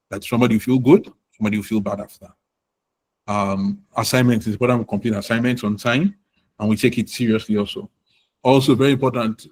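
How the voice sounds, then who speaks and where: Guy teaching an online class, lowish voice, lots of um and you know, encouraging. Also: poor audio. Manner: encouraging, uses many fillers and "you know". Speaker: product management instructor.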